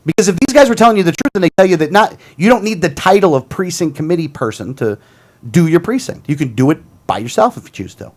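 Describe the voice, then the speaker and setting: A man's voice: fairly high pitch, sing-song, fast talker. A man hosting a casual political talk show, ranting in a heated, combative way and often repeating himself.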